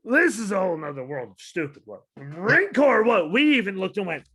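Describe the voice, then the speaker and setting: A young man co-hosting a casual wrestling podcast, ranting with lots of swearing and sudden shouted bits of quoted dialogue. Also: high voice, a little fast. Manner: ranting, profane, animated, shouts out quoted lines. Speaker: podcast co-host.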